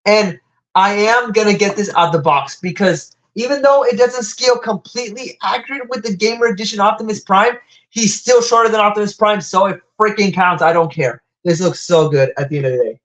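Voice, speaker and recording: A young man with a slight Latin American Spanish accent, hosting a live toy unboxing stream and gushing with excitement. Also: fairly quick, low-quality recording. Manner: excitable, gushing, wide pitch jumps.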